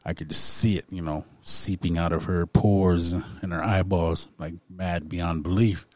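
Low-voiced man, halting testimony at a recovery meeting, lots of throat-clearing, dry close sound. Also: fairly even intonation, a little mellow, no room sound. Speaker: recovery group member sharing. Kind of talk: personal testimony in a recovery circle.

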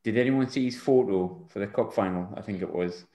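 A man's voice: fairly low pitch, fairly quick, roomy sound. A man hosting a casual football podcast, joking and laughing with his co-hosts. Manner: joking, laughs often, lively banter. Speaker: podcast host. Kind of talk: casual chat.

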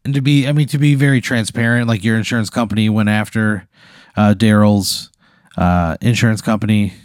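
A man's voice: lowish voice, steady tone, fairly quick, no room sound, clean studio sound. A man co-hosting a comedy podcast, spinning an improvised hypothetical in a rambling way with lots of fillers. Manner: rambling storyteller, many "like" fillers. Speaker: podcast co-host posing a hypothetical.

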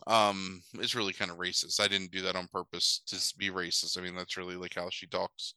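A man with a very bright, sharp tone retells a film's plot in loose, rambling conversation, peppered with swearing and "like" and "um". His voice comes through smooth and crisp, recorded dry with almost no room sound. He talks like a podcast host at ease with a co-host. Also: low voice, steady tone, normal speed, no room sound, poor audio. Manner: rambling, profane, full of fillers and asides. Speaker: podcast host recapping a film. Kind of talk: casual chat.

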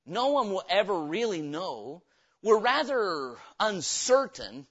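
A pastor preaches with a high, ringing voice in a church. He is emphatic and keeps turning his points into questions for the congregation. The recording sounds dull and lo-fi. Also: big pitch swings, unhurried, a bit bright. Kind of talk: revival sermon. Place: church sanctuary.

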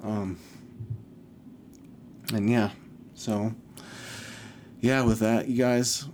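Emotional man with a mellow voice. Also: fairly low pitch, steady tone, extremely slow, a little hiss or hum. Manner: emotional, rambling, swears often. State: recovering from illness, shaky. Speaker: podcast host. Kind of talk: casual personal monologue.

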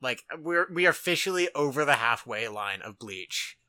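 A man's voice: mid-range voice, expressive, normal speed, sharp tone, clean tone, no room sound. A man co-hosting a podcast in casual chat, laughing and swearing often, with many restarts. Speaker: podcast co-host.

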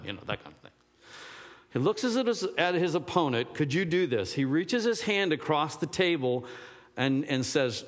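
A man's voice: mid-range voice, animated, normal speed. A man preaching a sermon, rambling and searching for words, then rising to emphatic fervor. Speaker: pastor. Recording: long hall reverb.

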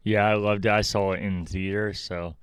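Male podcast co-host, very low and level voice, laid-back and wry. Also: flat delivery, normal speed, clear, resonant tone, dry recording, studio quality. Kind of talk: casual chat.

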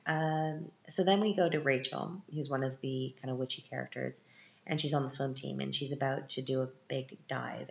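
A woman with a very deep, gravelly voice chats through a casual film recap, candid and wry. The sound is roomy and a bit dull and lo-fi. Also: a bit bright. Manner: chatty, candid, sarcastic asides. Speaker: podcast host. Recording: echoey, dull lo-fi room.

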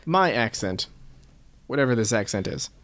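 A man's voice: medium pitch, very animated, normal speed, a bit bright. A man co-hosting a casual book-discussion chat, talking in a thoughtful, self-questioning way. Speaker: podcast co-host.

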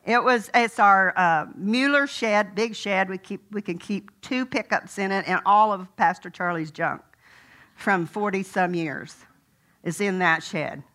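Bright folksy older woman preaching. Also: mid-range voice, a little slow. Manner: folksy, conversational, with fillers. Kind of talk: sermon with personal story.

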